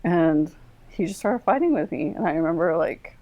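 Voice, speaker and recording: A woman's voice: lowish voice, animated, normal speed, highs cut off. A woman, a military veteran, candidly recounting a personal story in an interview, with many "like"s and re-enacted quoted dialogue. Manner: candid, run-on retelling full of "like" and quoted dialogue. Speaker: guest, Air Force medic veteran.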